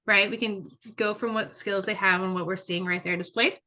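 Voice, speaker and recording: A woman's voice: mid-range voice, fairly even intonation, moderate pace, pushed and bright. A woman presenting a webinar lecture in a conversational way, often checking in with "right?" and repeating words for emphasis. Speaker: presenter and curriculum developer.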